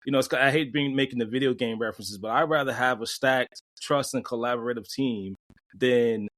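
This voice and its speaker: A man with a mid-pitched voice co-hosts a podcast, musing aloud in a casual, conversational way. He restarts sentences now and then as he works through his thoughts. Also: fairly quick, a bit bright. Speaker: podcast co-host.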